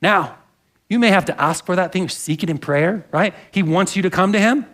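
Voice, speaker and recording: Pastor, male, high-pitched; earnest conversational sermon with congregation asides. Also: moderate pace, a bit bright. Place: church sanctuary.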